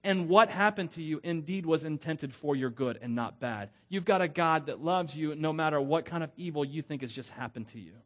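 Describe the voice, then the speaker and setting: A middle-aged pastor preaches in a loose, conversational way. His voice sits a little high for a man, and he often laughs at his own asides. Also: a little fast, few pauses, a bit bright. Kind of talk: sermon.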